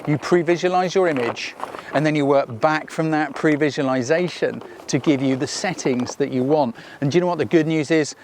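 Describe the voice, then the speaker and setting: A man coaching beginner photographers outdoors in a casual, energetic rant with emphatic repetition and the odd sarcastic aside. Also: on the high side, moderate pace, background noise.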